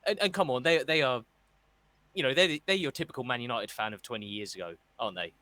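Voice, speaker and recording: A man's voice: medium pitch, quick pace, sharp tone, no room sound. A man co-hosting a casual football chat show, ranting and mocking with put-on voices. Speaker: podcast co-host.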